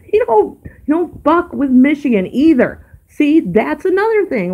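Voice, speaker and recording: A woman's voice: sits high, sing-song, unhurried, hardly any pauses, a little mellow. A woman hosting a casual livestream, ranting in an exasperated, profane way with sighs and asides to viewers. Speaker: livestream host.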